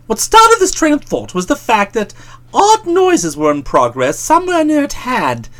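A woman narrating a first-person comic audiobook in a wry, theatrical, mock-pompous manner. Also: a little high.

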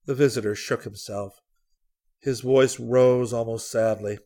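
A man narrating a spy novel aloud in a measured, even reading voice. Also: mid-range voice. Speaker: audiobook narrator. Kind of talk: scripted narration.

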